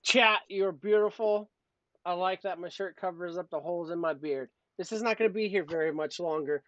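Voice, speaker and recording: A man's voice: high voice, no room sound. A man co-hosting a livestream, casual chat that rambles with crude jokes. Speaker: co-host. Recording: dull lo-fi stream audio.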